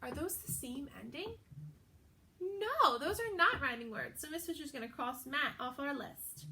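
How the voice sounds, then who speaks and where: A young adult woman teaching a video lesson to young children, talking in a slow, sing-song, encouraging way. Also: high-pitched, animated, pushed and bright. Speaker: pre-K teacher.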